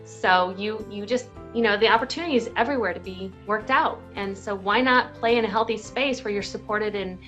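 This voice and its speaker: A woman's voice: medium pitch, brisk, few pauses, fairly bright tone, faint music behind. A woman who is a relationship advocate, talking earnestly in a casual conversation and explaining in loose, reflective phrases.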